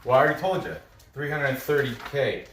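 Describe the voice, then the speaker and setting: Brisk and a bit bright, this mid-range male voice belongs to a sports betting analyst chatting through soccer matchups, thinking aloud and mangling names. A little hiss or hum sits under the roomy, distant-mic recording.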